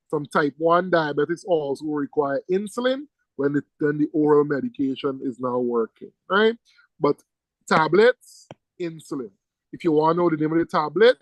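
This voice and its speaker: A male teacher giving a classroom lecture, lively and teasing, firing questions at his students. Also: fairly high pitch, no echo, low-quality recording.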